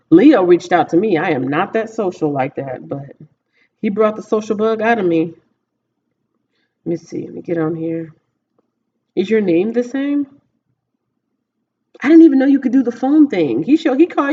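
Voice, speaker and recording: Texan woman, low mellow voice, loose chatty livestream host, slightly dull home mic. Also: slight background noise. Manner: chatty, rambling, thinks aloud. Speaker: livestreaming vlogger. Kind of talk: casual livestream chat with viewers.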